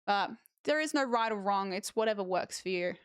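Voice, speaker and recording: Chatty Australian woman streamer, clear voice. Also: medium pitch, fairly quick, no echo, studio quality. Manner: chatty, animated asides. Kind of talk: casual chat reading viewer messages.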